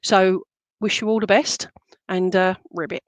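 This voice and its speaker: Woman, psychic medium on a live stream, warm pet names, lots of fillers, dry room, mid pitch. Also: flat delivery, measured pace, no room sound. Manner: chatty, reassuring, many fillers and pet names. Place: room with a table of crystal animals.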